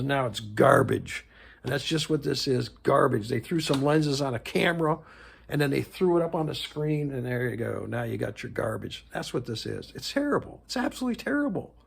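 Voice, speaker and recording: Man in his 60s, gravelly voice, emphatic and rambling, casual reviewer. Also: medium pitch. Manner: emphatic, rambling, self-correcting. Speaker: movie reviewer. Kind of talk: casual home-video review.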